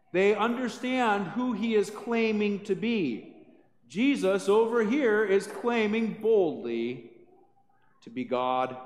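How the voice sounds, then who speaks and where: A man pastor preaching a sermon with animated storytelling. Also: high voice. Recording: echoey church hall.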